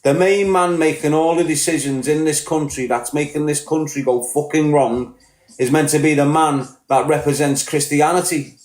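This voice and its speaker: A man's voice: a little high, steady tone, moderate pace, a little mellow, echoey room. A man with a Liverpool accent ranting bluntly on a podcast, combative and full of swearing. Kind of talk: heated podcast rant.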